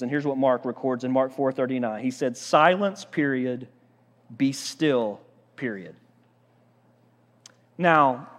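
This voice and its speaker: High-voiced preacher in a reverberant hall. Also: male voice. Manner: animated, conversational preaching with rhetorical questions. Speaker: pastor. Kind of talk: sermon.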